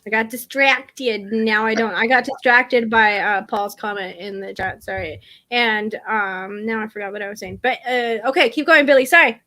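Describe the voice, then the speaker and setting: A woman's voice: on the high side, steady tone, moderate pace, sharp tone. A woman co-hosting a live podcast, chatting casually and sometimes losing her train of thought. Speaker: podcast co-host. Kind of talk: casual chat about a trivia competition.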